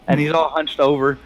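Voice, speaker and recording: A man narrating a tabletop role-playing game as game master, animated and laughing often. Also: on the high side. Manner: animated, laughing often, puts on character voices.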